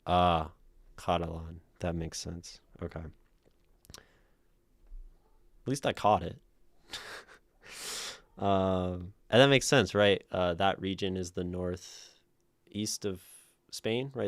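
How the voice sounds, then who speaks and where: A man's voice: sits low, gravelly, dry recording. A man hosting a livestream, reading viewer submissions aloud and commenting on them, thinking aloud with many fillers, self-corrections and laughs. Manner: laughs often mid-sentence.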